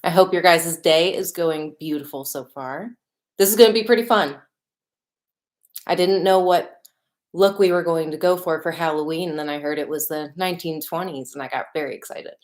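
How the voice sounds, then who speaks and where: A woman's voice: low-pitched, moderate pace. A young woman with a Chicago accent, a makeup artist chatting bubbly and casually as she hosts a livestream. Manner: bubbly and chatty, greets viewers by place. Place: home studio in Los Angeles.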